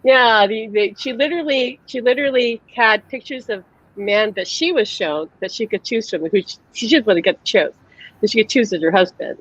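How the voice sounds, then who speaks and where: A woman's voice: on the high side, normal speed, breathy edge, no echo, dull audio. A woman who works as a psychic medium, hosting a live-streamed conversation and telling stories animatedly over a video call, laughing often.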